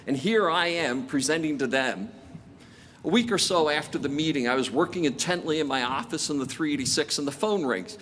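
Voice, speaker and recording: A man's voice: on the high side, expressive, brisk, a bit bright, a little hiss or hum. A man in his sixties giving a commencement speech, telling stories from his career with self-deprecating jokes. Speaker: commencement speaker. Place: outdoor stadium ceremony.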